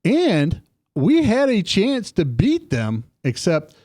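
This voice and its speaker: A man co-hosting a casual political radio chat, telling stories in an animated, lively way. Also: takes it slowly, dry recording. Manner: animated storytelling, lively pitch swings. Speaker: co-host. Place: studio.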